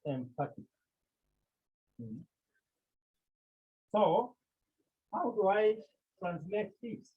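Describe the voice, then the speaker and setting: Slow, husky teacher. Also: mid-range voice, phone-quality sound. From Cameroon. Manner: repeats key words and asks the class rhetorical questions. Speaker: Greek language teacher. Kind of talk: classroom lecture.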